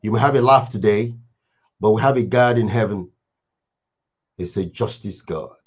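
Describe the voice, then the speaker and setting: A man's voice: lowish voice, moderate pace. A man giving an impassioned moral talk, with emphatic, repetitive lines like a preacher's. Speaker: speaker giving a moral reflection. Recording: dull lo-fi recording.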